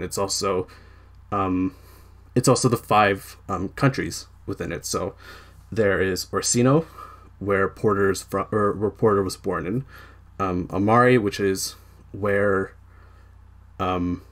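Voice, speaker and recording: Rambling young man, low voice. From Canada. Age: young adult. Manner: rambling, frequent self-corrections and fillers. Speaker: podcast host. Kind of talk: casual chat about his novel.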